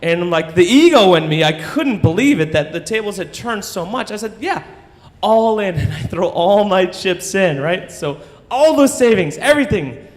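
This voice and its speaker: Animated man telling a tale onstage. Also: high voice, moderate pace. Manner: animated, profane, keeps asking "right?". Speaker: storyteller. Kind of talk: live stage storytelling. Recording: long hall reverb.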